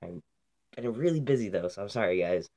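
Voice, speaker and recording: A man's voice: on the low side, lively intonation, fast talker, warm tone. A young man from Canada, hosting a casual vlog while sick, talking bluntly and profanely with lots of ums. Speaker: vlog host.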